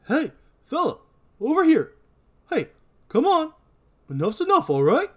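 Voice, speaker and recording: A man voicing a blustering small-town deputy, loud, high and mock-stern. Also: wildly swooping pitch, measured pace, exaggerated voice.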